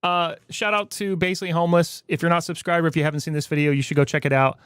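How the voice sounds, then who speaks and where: A man's voice: fairly high pitch, fairly even intonation, very fast, clear, resonant tone, no room sound. A man hosting a casual stream, rambling and skeptical, with frequent restarts and jokes. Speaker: streamer host.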